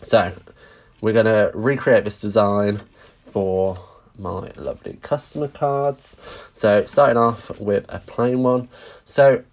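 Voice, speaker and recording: A man with a fairly low voice talks through a craft demo as a live stream. He is chatty, says hello to viewers as they join and pokes fun at himself between steps. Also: slow pace, a little mellow. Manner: chatty, greets viewers, self-deprecating asides. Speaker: stamping craft demonstrator.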